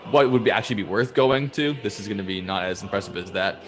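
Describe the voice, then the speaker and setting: A man's voice: fairly low pitch, quick pace, music in the background. A man co-hosting a podcast, chatting casually in a loose, profane, joking way and laughing often. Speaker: podcast co-host.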